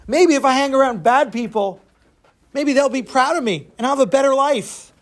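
A man's voice: very high voice, moderate pace, pitched above the performer's own voice. A man voicing a defiant, troublemaking young schoolboy in a told story, petulant and whiny. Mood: sulky defiant.

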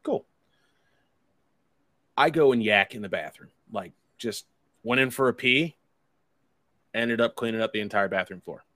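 A man's voice: on the low side, a little slow, long pauses, fairly bright tone, no echo, studio quality. A man casually telling a long, rambling anecdote, swearing freely and wry about it. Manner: profane, rambling, wry storytelling with quoted dialogue.

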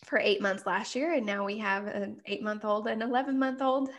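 A woman's voice: medium pitch, steady tone, normal speed, hardly any pauses, a bit bright. A woman in her thirties, a parenting author, telling an earnest personal story in an interview and acting out quoted lines.

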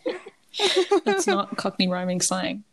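A woman's voice: mid-range voice, sing-song, moderate pace, gravelly, crowd noise. A woman co-hosting a podcast over a video call, rambling casually with lots of "like" and the odd swear. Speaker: podcast co-host. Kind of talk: casual chat.

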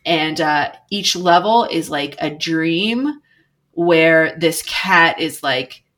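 A woman's voice: low-pitched, takes it slowly, fairly bright tone. A woman who works in video game development, chatting casually and rambling with lots of "like" fillers. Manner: rambling, filler-heavy, frequent "like". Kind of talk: casual chat.

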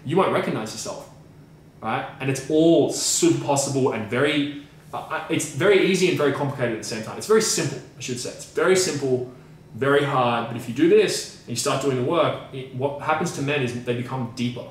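A man's voice: mid-range voice, brisk, far from the mic. A man talks in a casual podcast discussion, emphatic and profane, stacking up repeated phrases to drive his point home. He sits back from the mic in a very reverberant room, and a faint noise hangs underneath. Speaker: podcast co-host and coach.

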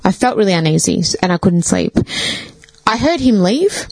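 A woman's voice: medium pitch, very animated, normal speed, darkish tone, no echo. Chatty, swearing woman. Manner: chatty, swears freely, leans on "like". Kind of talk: casual chat, personal storytelling.

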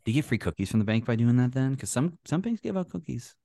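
A woman with a very low voice jokes around on a podcast, her pitch swinging widely with radio-style inflection. The mic is close and dry. She laughs easily. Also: sing-song, fast talker, creaky, mellow, no room sound. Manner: playful, lots of inflection, laughs often. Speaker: podcast co-host, former radio host. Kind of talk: casual chat.

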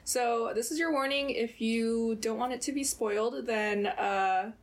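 A woman's voice: on the high side, a little slow. A woman co-hosting a podcast in casual chat, giggly and self-deprecating, laughing often. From Southern California. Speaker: podcast co-host.

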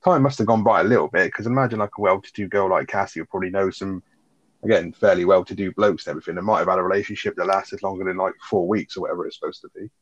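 A podcast co-host talks casually about a sitcom episode, rambling with filler words and the occasional swear. His low-pitched voice stays steady while he races along, and the recording sounds dull and lo-fi.

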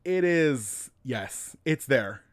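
Excitable, gushing man, dry mic. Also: medium pitch, very slow, no echo. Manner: excitable, gushing, swears often. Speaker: podcast co-host. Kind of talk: casual chat.

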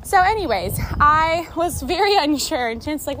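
Young woman host, high-pitched, chatty and breathless while out walking. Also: expressive, normal speed, fairly bright tone, slight background noise. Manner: chatty, bubbly, laughs often. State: a little out of breath. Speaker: podcast host. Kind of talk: casual chat. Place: outdoors on a walk with a dog.

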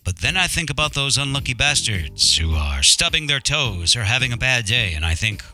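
A man's voice: medium pitch, sing-song, normal speed, pushed and bright, faint music behind. A man playing a pompous, formal voiceover announcer who hosts the show with stiff, overly proper phrasing. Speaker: show host. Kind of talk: deadpan improv comedy character.

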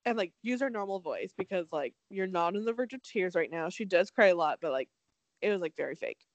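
Brief: young female podcast host, lively pitch, dry close sound, chatty and sarcastic. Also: brisk, no room sound, muffled recording. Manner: chatty, heavy use of "like", swearing, sarcastic. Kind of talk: casual recap chat.

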